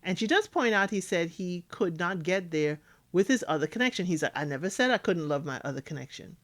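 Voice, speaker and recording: A woman's voice: on the low side, expressive, fairly quick, fairly bright tone. A woman giving casual recap commentary on a reality dating show, acting out cast members' lines as she talks.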